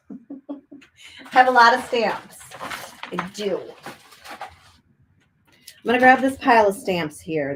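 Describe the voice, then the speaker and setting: A woman's voice: low voice, slight background noise. A woman giving a casual, upbeat art journaling demonstration, chatting as she works in a cold room above a garage. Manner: chatty, upbeat, talks while working. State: chewing a cough drop. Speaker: art instructor.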